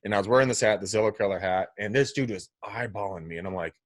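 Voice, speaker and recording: A man hosting a podcast in casual chat, joking and brisk. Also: on the low side, dry recording. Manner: brisk, joking, hype-driven. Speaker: podcast host.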